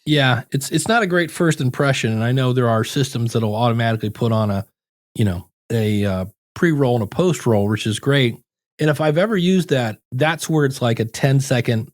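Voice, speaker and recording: A man in a relaxed podcast interview, handing out practical advice on shows and ads. He brings his points to life by playing out small quoted exchanges. His voice sits at a middle pitch and sounds dry and close to the mic. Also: normal speed, dry recording. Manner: animated, acts out little quoted scenes. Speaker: podcast coach and guest. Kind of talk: casual interview chat.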